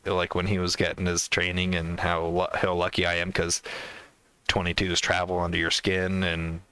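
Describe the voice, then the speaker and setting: Bright, crisp-voiced man telling a story. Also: low-pitched, completely flat delivery, moderate pace, no echo. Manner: rambling, full of fillers and acted-out quotes. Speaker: podcast co-host. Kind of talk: casual storytelling chat.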